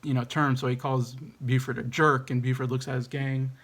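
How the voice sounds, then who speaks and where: A man's voice: mid-range voice, level tone, brisk, a bit bright. A man giving a casual, enthusiastic movie review, hesitant and rambling with many ums and restarts.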